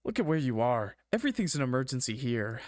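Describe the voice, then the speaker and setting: A man's voice: mid-range voice, very animated, fast, darkish tone, dry recording, studio quality, natural voice. A man voicing a sarcastic, impatient female hospital receptionist with a curt, condescending manner in a video game.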